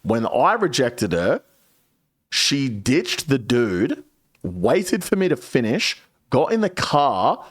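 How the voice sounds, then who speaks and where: Animated, sweary streamer man. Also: medium pitch, slow, husky. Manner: sweary, animated, lively storyteller. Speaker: game streamer. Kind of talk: casual storytelling while gaming.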